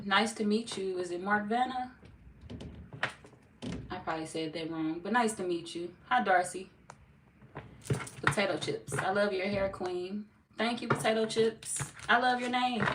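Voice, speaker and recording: A woman from Missouri hosting a tarot livestream, chatting casually with viewers. She is blunt and playful, swears freely and laughs often. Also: medium pitch. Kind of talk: casual livestream chat reading viewer comments. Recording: echoey room, far from mic, noisy.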